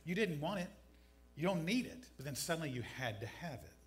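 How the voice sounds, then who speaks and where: A man's voice: on the high side, very animated, fairly quick. Man preaching with dry humor. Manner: conversational preaching with dry jokes. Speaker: pastor. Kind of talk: sermon. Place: church sanctuary.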